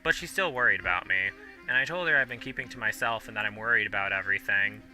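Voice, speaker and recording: A young man in his twenties talks loosely and chattily as he plays, restarting sentences and filling gaps with ums. His voice is bright and forward, a little low in pitch, and he hiccups now and then. Faint game music plays underneath. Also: fast. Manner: rambling, chatty, many fillers and restarts. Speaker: gaming video host. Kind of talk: casual rambling commentary while playing.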